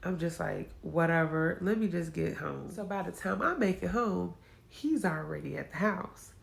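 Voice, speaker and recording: A woman telling her own story in a casual vlog, emotional and animated, acting out the quotes. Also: on the low side, moderate pace, creaky. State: upset.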